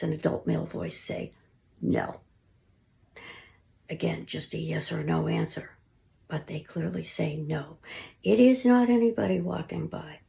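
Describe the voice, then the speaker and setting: A woman investigating the paranormal, talking casually through her recordings and often dropping to a hushed near-whisper. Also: lowish voice, vocal fry. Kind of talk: casual narration of ghost-hunt recordings.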